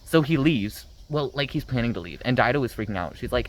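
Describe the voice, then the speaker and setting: A man's voice: mid-range voice, very animated, a little fast, few pauses, rough recording. A man giving a casual, rambling book review rant, sarcastic and full of fillers.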